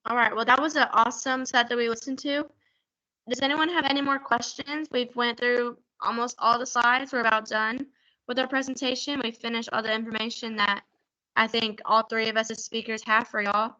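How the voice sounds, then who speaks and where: A teenage girl presents at an online youth workshop. She talks fast and chatty, with a slight stutter. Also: fairly high pitch, fairly even intonation, sharp tone, dull audio. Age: teens.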